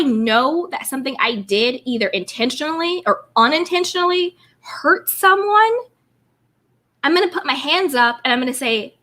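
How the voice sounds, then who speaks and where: A woman's voice: high-pitched, lively intonation, normal speed, pushed and bright. A young adult woman hosting a casual live-stream commentary, chatty and emphatic, greeting viewers by name and reading their comments.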